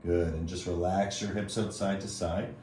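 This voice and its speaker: A man teaching a yoga class, calmly cueing breaths and movements with casual asides. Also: low voice, normal speed, recorded from a distance, a little hiss or hum. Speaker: yoga instructor. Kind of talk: guided yoga class instruction. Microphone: earbuds. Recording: very echoey room, voice off-mic.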